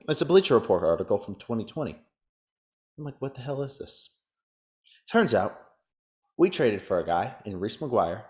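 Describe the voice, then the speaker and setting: A man with a fairly low voice hosts a casual podcast. He rants and jokes crudely about the news of the day. His tone stays loose and unscripted. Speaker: podcast host.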